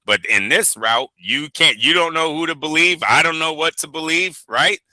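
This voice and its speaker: A man's voice: fairly high pitch, moderate pace, bright, forceful tone, no echo. A man co-hosting a boxing talk show, chatting casually and profanely, rambling through stories and acting out quotes. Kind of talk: casual podcast chat.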